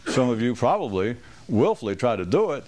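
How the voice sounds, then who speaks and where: A man's voice: mid-range voice, big pitch swings, a little fast, a little mellow. A man giving a rambling, wry talk to a small group, restarting sentences and acting out quoted voices.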